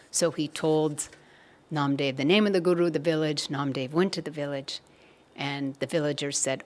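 Brief: woman storyteller, low voice, measured and unhurried spiritual telling. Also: fairly even intonation.

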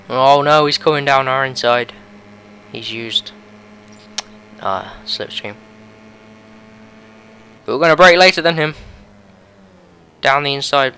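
A young man giving excitable play-by-play commentary on a racing game, his voice going a bit hoarse. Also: mid-range voice, a little hiss or hum. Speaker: gaming video host.

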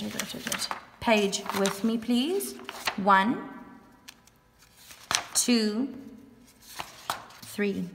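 Woman teacher, patient and clear, sounding out words for kids; long room echo on the recording. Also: medium pitch, background noise. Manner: patient, repeats and spells words out slowly. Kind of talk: online grammar lesson for young pupils. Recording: echoey room with long reverb.

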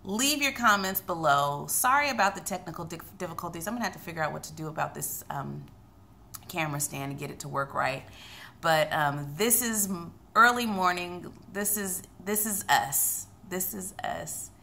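A woman chatting to her camera at home, running through an episode scene by scene. Her voice is bright and edged with gravelly fry, sitting a bit low for a woman. A faint hiss sits under the recording. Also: animated, moderate pace. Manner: chatty, retells scenes with quoted lines. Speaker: TV recap vlogger. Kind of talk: casual recap chat to camera.

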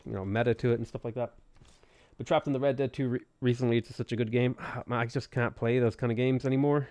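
A gaming streamer with a mid-range voice chats casually and jokingly while livestreaming a strategy game, wandering from one topic to the next. There's no room sound in the recording.

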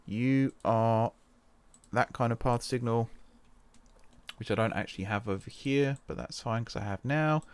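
A man's voice: medium pitch, unhurried, smooth. A man from the UK giving casual, thinking-aloud commentary while playing a computer game, often changing his mind and correcting himself. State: wrist pain. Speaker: game let's-play host.

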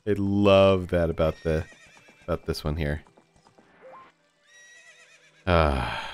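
A man hosting a let's play, giving gameplay commentary, excitable, talking to the game and swearing casually. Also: sits low, slow, clear, resonant tone, faint music behind.

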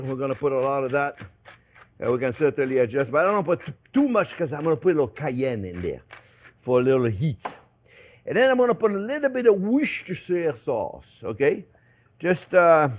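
A man with a French accent hosting a casual cooking demonstration, chatty and playful, chuckling often with lots of fillers. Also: a little high. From France. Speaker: cooking show host.

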